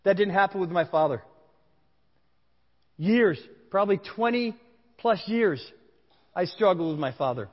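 A male pastor giving a sermon to a congregation, telling a candid personal story in a conversational way. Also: on the high side. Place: large room with a congregation. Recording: dull sound with long hall reverb.

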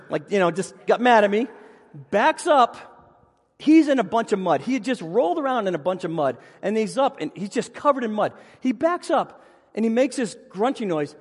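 A man, a pastor, preaching a sermon and telling funny personal stories in an animated, self-deprecating way. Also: high-pitched, husky. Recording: long hall reverb.

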